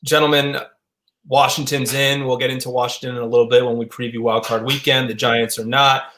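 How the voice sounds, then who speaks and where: A man's voice: mid-range voice, level tone, brisk, sharp tone, roomy sound. A man hosting a sports panel show, recapping the season and handing questions to his co-hosts.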